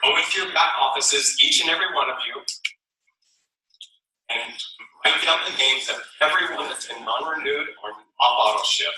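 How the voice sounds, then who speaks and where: A man giving an energetic, persuasive motivational speech at a sales event, repeating his key phrases to a roomful of people. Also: fairly high pitch, normal speed. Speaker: speaker at a company sales event. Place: large room with an audience. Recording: echoey hall, mic from far off.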